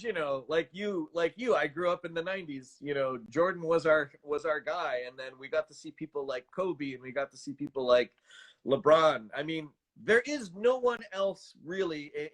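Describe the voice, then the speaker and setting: Guy in his 30s, voice actor guest, kinda high voice, stumbles and restarts a lot, laughs at himself. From Canada. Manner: animated, self-deprecating, stammers and restarts. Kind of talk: casual interview chat.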